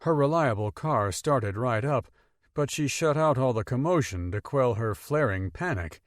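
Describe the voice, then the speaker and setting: A man narrates an audiobook with steady, expressive storytelling in a medium-pitched voice at a moderate pace. The scripted narration has clean studio sound with no room sound.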